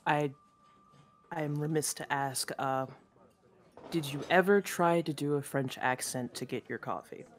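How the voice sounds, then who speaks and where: A man's voice: fairly high pitch, measured pace, pauses often, a little hiss or hum, close to an everyday voice. An actor playing a friendly young male stagehand who chats eagerly and casually.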